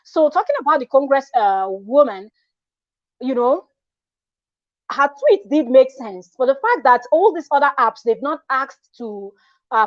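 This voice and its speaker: A woman's voice: high voice, no room sound, muffled recording. A woman vlogger talking casually and frankly, rambling with restarts and asides. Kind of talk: casual commentary vlog.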